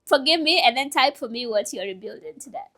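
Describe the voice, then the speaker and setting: A woman's voice: high-pitched, animated, a little fast, a bit bright. A woman in her twenties who runs a business, talking candidly and emotionally in a rambling personal vlog. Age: 20s. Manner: emotional, rambling, self-reflective. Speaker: vlogger and business owner.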